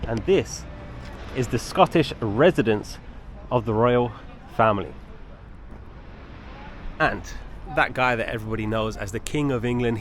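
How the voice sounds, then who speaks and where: A man's voice: medium pitch, a little hiss or hum. A man filming a walking travel vlog outdoors on city streets, chatty and enthusiastic, often exclaiming at what he sees. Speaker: travel vlogger.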